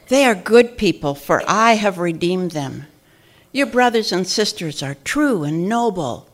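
A woman voicing God in a church skit, speaking to a pastor in a measured, reassuring way. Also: mid-range voice.

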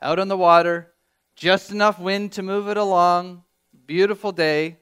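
A man's voice: high-pitched, fairly even intonation, moderate pace, fairly bright tone, smooth. A man preaching a sermon as pastor, talking conversationally and asking the congregation direct questions. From Canada.

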